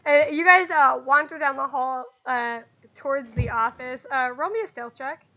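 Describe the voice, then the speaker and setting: A woman's voice: high-pitched, moderate pace, lo-fi sound. A young woman running a tabletop game as game master, narrating casually and rambling with lots of fillers.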